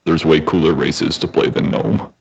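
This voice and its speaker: Brief: young American man, extremely low gravelly voice, jokey and defensive, on a dull call line with faint hiss. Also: fairly even intonation, normal speed. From United States. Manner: joking, defensive, says dude. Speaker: student on a call. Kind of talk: casual chat. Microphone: video call.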